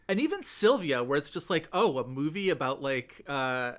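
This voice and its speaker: A podcast co-host chats casually in a fairly high, sing-song voice at a moderate pace. He rambles and fills his talk with fillers.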